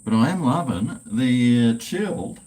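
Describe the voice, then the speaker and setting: A man's voice: medium pitch, lively intonation, measured pace, very noisy. A man hosting a casual livestream chat, laid-back and swearing freely while drinking. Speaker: livestream host.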